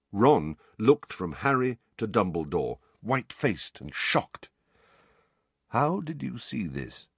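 Male audiobook narrator, low and animated, close dry recording. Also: breathy edge, dry recording. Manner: expressive, varied delivery. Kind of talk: scripted narration.

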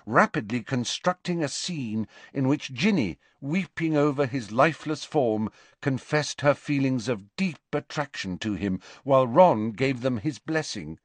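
A man narrating a storybook in an expressive, animated way. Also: on the low side, no room sound. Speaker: audiobook narrator. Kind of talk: storybook reading.

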